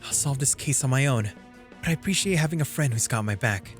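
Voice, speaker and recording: A man's voice: mid-range voice, lively intonation, brisk, faint music behind, natural voice. A man voicing a jaded, hard-drinking woman reporter who talks in a dry, world-weary, teasing way. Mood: resigned.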